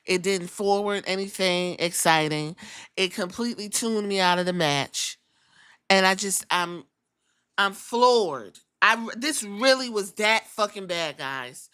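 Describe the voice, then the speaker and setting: Sassy, bright-voiced woman podcast host. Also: medium pitch, unhurried, smooth. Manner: profane, sassy, acts out quotes in voices. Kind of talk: casual wrestling recap.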